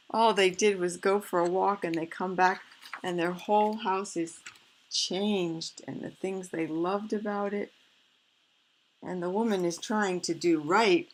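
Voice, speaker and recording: A woman reading a picture book aloud, stopping for gentle, fretful asides. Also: lowish voice, fairly even intonation, a little slow, rough recording. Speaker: storyteller.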